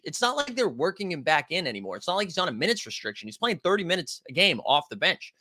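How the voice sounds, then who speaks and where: Bright-voiced man hosting a live stream. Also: fairly high pitch, big pitch swings, fast talker, hardly any pauses, no echo, studio quality. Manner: loose and rambling, many fillers and restarts. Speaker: livestream host. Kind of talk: casual live stream chat.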